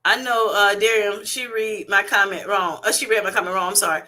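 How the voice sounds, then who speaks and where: Bright-voiced woman hosting a laughing live chat. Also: medium pitch, brisk. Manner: animated, laughing often, reading chat comments aloud. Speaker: livestream host. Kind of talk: casual livestream chat. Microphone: webcam or streaming setup.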